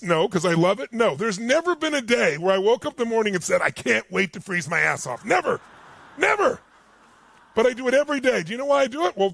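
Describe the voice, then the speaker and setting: A man delivers a motivational seminar speech, telling stories with emphatic, animated energy. His voice sits high for a man. The sound is dry and close. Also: creaky, no echo. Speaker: motivational speaker. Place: stage before a live audience.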